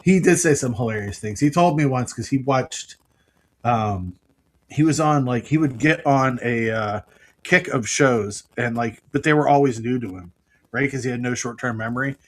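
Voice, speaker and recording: A middle-aged man co-hosting a podcast, chatting casually and telling family stories with quick impressions of the people in them. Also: mid-range voice, a little hiss or hum, rough recording. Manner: storytelling, mimics his father's outbursts. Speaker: podcast co-host. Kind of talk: casual chat.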